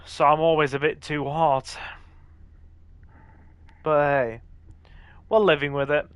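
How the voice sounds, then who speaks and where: A man from the north of England hosts a live gameplay stream, talking loosely with viewers between fights. His voice sits a little high for a man and comes through smooth and clear. He reads the chat aloud and reacts to what happens on screen. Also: little pitch movement, slow pace, no room sound. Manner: chatty, reads and answers viewer chat while playing. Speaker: livestream host.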